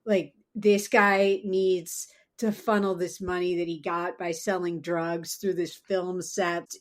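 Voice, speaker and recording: A woman co-host talks through a movie in a relaxed, chatty way. Her delivery is wry and gossipy, full of offhand asides, and her voice sits a little low. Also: slow. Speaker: podcast co-host. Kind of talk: casual film-talk chat.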